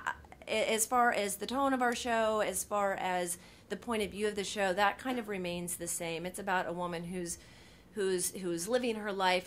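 A woman's voice: medium pitch, a bit bright, slight background noise. A woman in her thirties, a TV writer speaking on a panel, telling a story animatedly with many fillers and restarts, acting out the lines she quotes.

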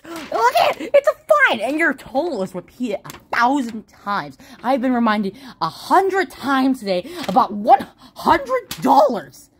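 A woman voicing Mario, a hot-tempered male plumber in a homemade plush toy skit, who mutters and bursts into yells. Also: high-pitched, a little hiss or hum, heavily acted. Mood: angry. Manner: exasperated, yelling outbursts, mutters to himself.

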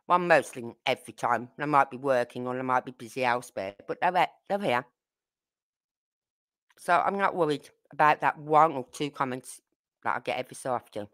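Brummie woman doing a true crime live, blunt and fed up, low voice but sharp edge. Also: normal speed. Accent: Brummie (Birmingham). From Birmingham, England. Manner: blunt, indignant, talks straight to viewers. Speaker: true crime channel host. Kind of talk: casual livestream chat.

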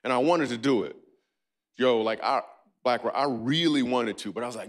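A man doing a stand-up comedy set on a church stage, riffing playfully with a live audience. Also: moderate pace. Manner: playful, riffing with the audience, breaks into squeaky and goofy voices.

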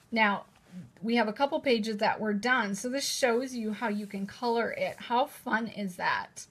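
Her voice fairly high with a breathy edge, a woman presents new planners on a casual live stream. She sits at a table at home speaking to a camera in a holder, gushing and chatting about how cute each page is.

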